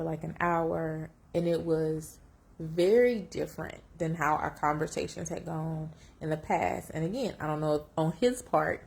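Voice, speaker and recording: A woman telling a personal story on camera, reflective and emotional, close to tears, with lively jumps when she quotes herself. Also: low-pitched, vocal fry. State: tearful. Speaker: vlogger sharing a personal story.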